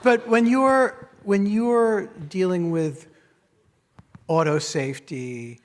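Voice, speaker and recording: A middle-aged man with a slightly raised pitch interviews a guest on stage. He gropes his way through his questions, restarting and filling pauses with hesitations. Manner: halting questions, many restarts. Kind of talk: onstage conversation. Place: theater stage before an audience.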